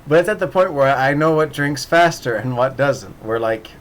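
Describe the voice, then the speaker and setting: A man's voice: medium pitch, moderate pace, fairly bright tone. A man telling a casual, rambling story with many restarts and laughs, acting out voices in the quoted dialogue. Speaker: podcast host.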